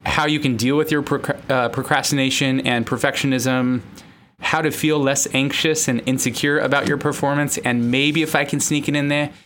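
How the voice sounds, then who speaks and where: A man's voice: medium pitch, steady tone, normal speed, a bit bright, a little hiss or hum. An American man hosting a podcast as a counselor, chatting casually, joking and laughing at himself. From United States. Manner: joking, self-mocking, laughs often.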